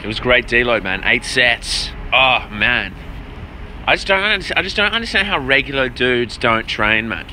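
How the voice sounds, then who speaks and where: A man from Jordan chatting casually and profanely on a phone livestream, out of breath and rambling as he shouts out viewers by name. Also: mid-range voice, big pitch swings, moderate pace, a little hiss or hum. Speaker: vlogger answering live chat. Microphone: phone held at arm's length.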